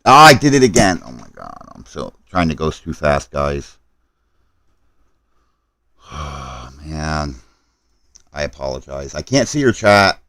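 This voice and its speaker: A man's voice: a bass voice, lively intonation, slow pace, long pauses, a bit bright, no room sound. A man live streaming a game, talking to his chat while he hurries through setup and apologizes for his mistakes.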